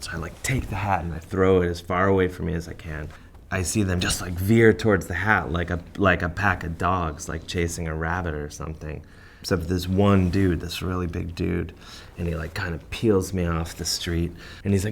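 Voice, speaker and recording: A man's voice: low-pitched, steady tone, normal speed, fairly bright tone, a little hiss or hum. A male comedian telling a comic story in a rambling way, full of fillers, acting out what people said. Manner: rambling, filler-heavy, acts out quotes.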